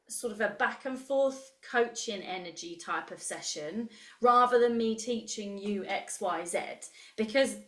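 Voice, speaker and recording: A woman's voice: medium pitch, fairly bright tone. A woman in her thirties coaching a live online group, chatty and enthusiastic as she reacts to the chat. Her voice sits in a middle range. The room around her carries a noticeable echo. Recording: roomy echo.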